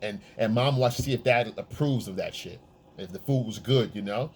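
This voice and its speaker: A man's voice: fairly low pitch, normal speed, a little mellow, a little hiss or hum. A man giving blunt, profane dating advice in a casual monologue, often checking in with the listener. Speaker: men's dating coach.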